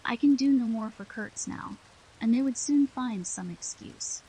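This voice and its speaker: A woman's voice: fairly high pitch, a little slow, dark tone, breathy edge, rough recording. A woman reading an anxious earnest young wanderer.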